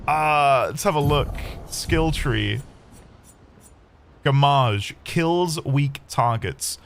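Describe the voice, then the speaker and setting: Speaking extremely slowly, a male streamer with a medium-pitched, expressive, gravelly voice rambles casually through his gameplay and swears lightly now and then. Game music sits behind him, along with a little hiss or hum.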